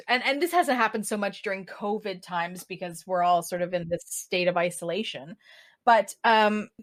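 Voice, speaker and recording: A woman's voice: medium pitch, fairly bright tone. A woman, a podcast guest, chatting casually and explaining at length with asides. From Canada. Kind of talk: casual conversation.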